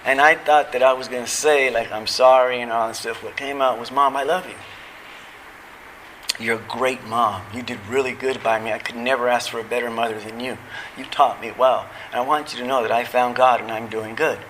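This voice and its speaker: A man's voice: mid-range voice, fairly even intonation, brisk, a bit bright, slight background noise, rough recording. A middle-aged man giving a heartfelt personal testimony at a recovery convention, telling his story casually with slang like "man" and "dude". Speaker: recovery meeting speaker. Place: convention hall.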